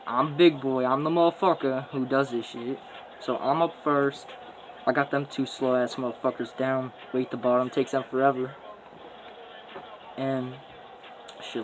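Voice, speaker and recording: A man's voice: medium pitch, noisy background. A young man casually telling a story in profane, boastful street slang, rambling as he goes.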